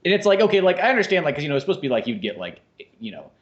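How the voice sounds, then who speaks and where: A man's voice: a little high, sing-song, very fast, lo-fi sound. A man co-hosting a podcast in casual, profane chat, riffing loosely and slipping into mock voices. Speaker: podcast co-host.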